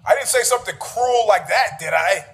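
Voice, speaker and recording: A man with a notably high-pitched voice rants through a story in casual, profane style. He is sarcastic and needling, and often laughs at his own jokes. He sounds middle-aged. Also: fairly quick, creaky, a bit bright, soft background music.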